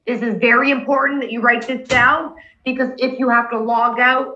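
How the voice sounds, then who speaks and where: A woman's voice: a little high, highs cut off, background noise. A woman instructor walking a class through steps over a video call, patient and checking in with "okay?" as she goes. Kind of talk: online class walkthrough.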